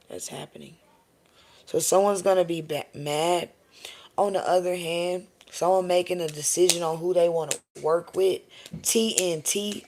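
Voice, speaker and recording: A tarot reader talking through a live-stream reading in a loose, rambling way, swearing freely and often asking "okay?" and "all right?". The voice sits at a middling pitch, with a faint hiss of noise underneath. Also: darkish tone. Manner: casual, profane and rambling.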